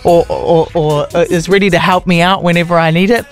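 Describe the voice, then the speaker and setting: A woman with a New Zealand accent, co-hosting a radio show and telling stories in a lively, laughing way. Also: fairly low pitch, a little fast, soft background music. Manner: animated storytelling, laughs often. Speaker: radio host. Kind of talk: casual radio chat.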